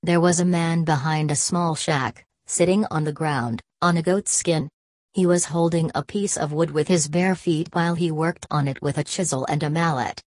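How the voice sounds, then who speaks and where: A woman reading a story aloud as an audiobook narrator, in an even, unhurried way. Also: low voice, dry recording.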